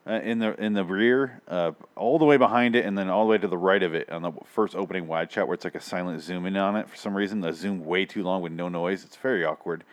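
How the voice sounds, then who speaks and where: A man co-hosts a casual podcast and reviews an old TV episode. His voice sits on the low side, and he talks in an animated way, swearing and mocking what he saw. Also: fast talker, few pauses. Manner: profane, sarcastic, animated. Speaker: podcast co-host.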